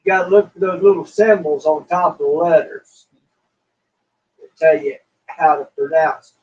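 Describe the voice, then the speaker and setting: Casual male co-host, pitched high, dull lo-fi sound, reads out viewer messages. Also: moderate pace, a little mellow. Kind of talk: casual livestream chat. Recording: muffled lo-fi sound.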